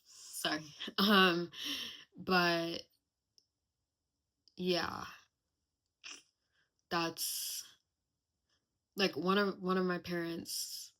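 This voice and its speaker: Bright, sharp-toned young woman podcasting. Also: lowish voice, little pitch movement, very slow, pauses often. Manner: candid and reflective, chatty with many fillers. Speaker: podcast host. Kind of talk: casual personal podcast monologue.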